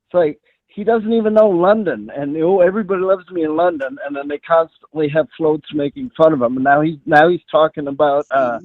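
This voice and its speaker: A man's voice: on the high side, normal speed, no echo. A man calling in to a talk show, rambling on indignantly about the news. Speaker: caller. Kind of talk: call-in commentary. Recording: tinny phone line.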